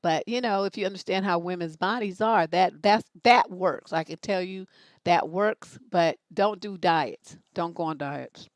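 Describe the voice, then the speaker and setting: A woman's voice: fairly low pitch, unhurried, no echo. A woman hosting a live relationship advice show, talking casually in a blunt, emphatic way.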